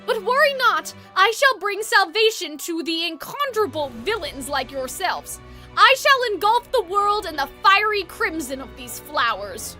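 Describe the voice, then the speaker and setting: A woman's voice: very high-pitched, sing-song, measured pace, sharp tone, soft background music, full character voice. A woman voicing a sinister, haughty young male villain who speaks in a theatrical, sneering way. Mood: scornful villainous.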